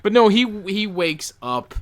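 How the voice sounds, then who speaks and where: Wry, animated man cracking jokes. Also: sits high, a little slow, clean tone. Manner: wry, jokey interjections. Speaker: podcast co-host. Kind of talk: casual movie-review chat.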